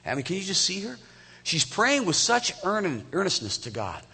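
A man's voice: sits high, huge pitch swings, normal speed, creaky, sharp tone, breathy edge. A man in his fifties giving a conversational sermon as a pastor, often asking the congregation direct questions. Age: 50s. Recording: echoey hall.

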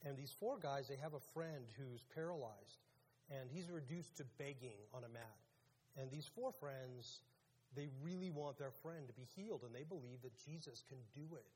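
A man's voice: mid-range voice, moderate pace, a little mellow, slight background noise. A man preaching a casual, conversational sermon as pastor, putting questions to his audience. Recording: long hall reverb.

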